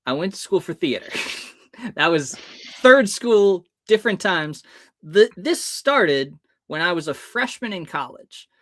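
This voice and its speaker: A man's voice: high voice, unhurried, no echo, studio quality. A man telling a story as a guest in an interview, acting out the voices of the people in it. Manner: lively, acts out the voices in his stories.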